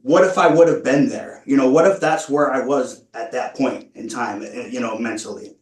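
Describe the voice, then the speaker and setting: A man speaking at a parole hearing, earnest and halting, stumbling through many restarts as he explains himself. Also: mid-range voice. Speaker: parole applicant. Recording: echoey room, far from mic.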